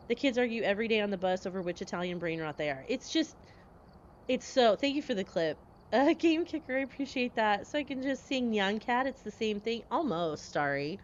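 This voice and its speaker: A woman in her forties chatting casually with her live-stream viewers, lively and quick to laugh as she answers chat. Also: on the high side, muffled recording.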